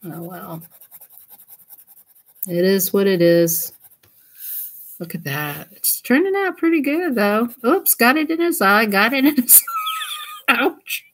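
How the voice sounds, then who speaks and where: A woman's voice: fairly high pitch, wildly swooping pitch, slow pace, long pauses. A woman who hosts a coloring channel chats casually while she colors. She giggles a lot and keeps slipping into silly voices.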